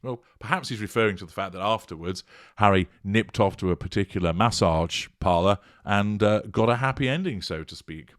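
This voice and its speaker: A man's voice: lowish voice, a little fast, a bit bright, dry recording, studio quality. A man giving scripted, sarcastic commentary on news articles in a scornful tone.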